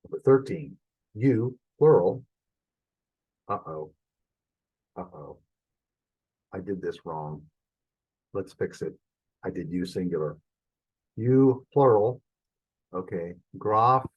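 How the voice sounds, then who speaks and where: Slow, husky male Greek teacher. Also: low voice, expressive, muffled recording. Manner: thinking aloud, stops to correct himself. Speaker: Greek instructor. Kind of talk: recorded classroom lesson.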